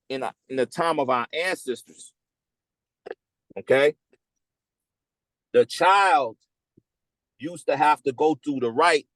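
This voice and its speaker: A man in tells a personal story in a loose, animated way, leaning on slang and checking in with "okay?" as he goes. His voice sits at an ordinary middle pitch. The sound is dry and close, with no room echo. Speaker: host. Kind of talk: casual storytelling talk.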